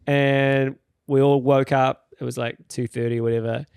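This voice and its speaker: A man's voice: medium pitch, moderate pace, gravelly, clear, resonant tone, dry recording, studio quality. A man telling stories casually on a podcast, acting out quotes and laughing often. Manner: animated, acts out quotes in a raised voice, laughs often. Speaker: podcast guest or host. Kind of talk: casual storytelling.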